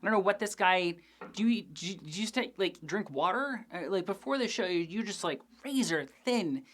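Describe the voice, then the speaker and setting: A woman's voice: medium pitch, expressive, normal speed. A woman hosting a TV after-show, reviewing an episode in a casual, joking way with frequent swearing. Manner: chatty, profane, joking asides.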